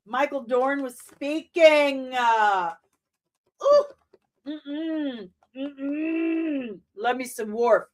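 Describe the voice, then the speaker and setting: A woman in her forties hosting a casual reaction to a trailer, animated and exclamatory with mock outrage. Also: high-pitched, extremely slow. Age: 40s.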